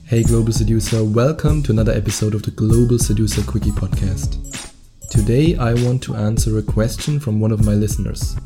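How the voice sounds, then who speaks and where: A man's voice: on the low side, fairly quick, over music. A man with a German accent hosting a solo podcast, chatty and laughing at his own slips. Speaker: podcast host.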